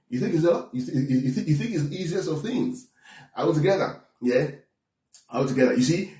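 A man's voice: medium pitch, darkish tone, roomy sound. A man preaching a sermon, teaching in a conversational way with frequent check-ins and restarts. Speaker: pastor.

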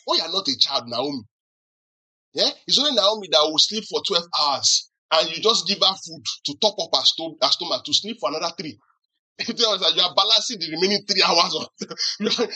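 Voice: medium pitch, expressive, fairly quick, sharp tone, slightly rough, rough recording. A pastor preaching a sermon who keeps asking the congregation questions to answer back and teases them with acted-out examples. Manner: teasing humor with acted-out examples.

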